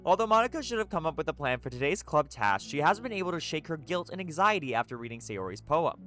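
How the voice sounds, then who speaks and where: A game streamer reading a story's narration aloud during a live playthrough, excitable and profane, breaking off into laughter and running commentary. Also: medium pitch, quick pace, soft background music.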